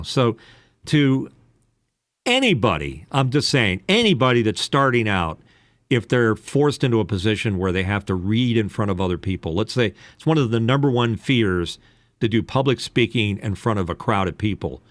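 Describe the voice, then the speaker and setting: A man with a lowish voice talks through advice in a meandering way, stopping for ums and uhs and drifting off on side points. The sound is dry and close, with no room around it. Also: animated, normal speed, no echo. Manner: rambling, digressive, lots of ums and uhs. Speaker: podcast host. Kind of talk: casual advice chat.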